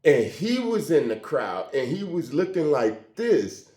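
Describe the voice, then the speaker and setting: A man telling a personal story in a casual, animated way, often acting out the dialogue. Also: on the high side, a little slow. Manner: animated, conversational, acts out quoted dialogue. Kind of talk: emotional storytelling monologue. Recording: roomy echo.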